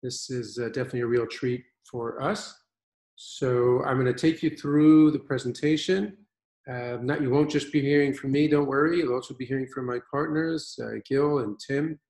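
A man's voice: mid-range voice, steady tone, moderate pace, a little mellow, roomy sound, poor audio. A man presenting his wine fund on a video call from his own winery, upbeat and confident. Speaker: fund managing partner presenting.

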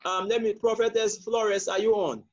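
High-voiced man leading a call training. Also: flat delivery, normal speed, muffled recording. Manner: asks questions and affirms with frequent mm-hmms. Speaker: prophet leading a church training course. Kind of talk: training session over a call.

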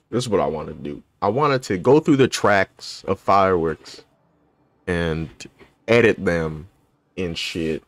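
A man's voice: sits low, dry recording. A man chatting casually with viewers on his live stream, joking and swearing freely.

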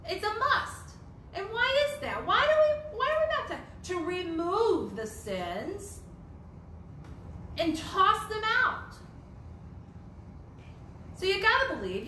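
Leading a Bible study, a woman speaks emphatically, circling back to repeated phrases and asking rhetorical questions. Her voice is very high, pushed and bright, and the echoey room recording carries a slight hiss or hum.

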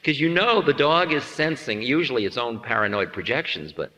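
A man giving a humorous spiritual talk as a teacher, playful and quick to act out little scenes. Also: medium pitch, lively intonation, background noise. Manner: playful, acts out voices in anecdotes. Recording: long hall reverb.

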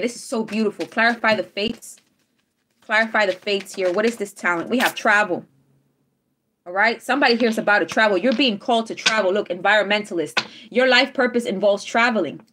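A woman with a fairly high, slightly bright voice gives a live tarot reading to her viewers, with a faint hiss or hum in the background. She speaks emphatically, repeating affirmations and often checking in with "all right?"

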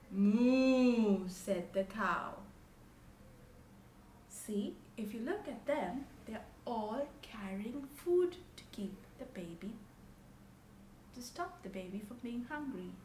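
A woman reads a children's picture book aloud in a high, sing-song voice that rises and falls widely. She takes it slowly, making playful animal noises and pausing to ask the listener questions. The recording sounds echoey, with faint room ambience behind her. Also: recorded from a distance. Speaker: storybook reader.

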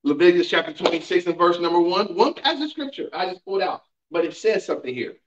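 Speaking fast in a high-pitched voice with lively intonation, a male pastor teaches Bible class in the church sanctuary, with background noise present. He preaches emphatically through call-and-response and rhetorical questions. A distant mic leaves the audio roomy and dull.

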